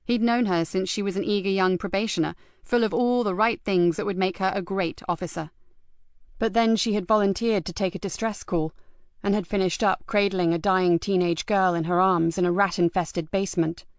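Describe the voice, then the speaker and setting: In a mid-range voice, a woman reads scripted audiobook narration with an even, measured storytelling delivery. The studio sound is clean, with no room sound.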